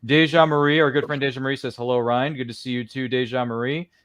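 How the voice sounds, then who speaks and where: A man in his thirties from Maryland hosting a casual watchalong live stream, excitable and exclamatory with playful asides. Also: mid-range voice, fast, clear, resonant tone, no room sound. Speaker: livestream watchalong host. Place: home studio.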